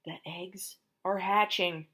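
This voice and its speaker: A woman reading a picture book aloud to children, explaining the story in an animated way. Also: fairly low pitch, slow pace.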